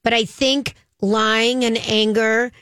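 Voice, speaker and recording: A woman's voice: a little high, flat delivery, fairly bright tone, clear, resonant tone, no room sound. Theatrical, chatty woman co-host. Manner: chatty and theatrical, quick to laugh. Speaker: podcast co-host. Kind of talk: casual chat.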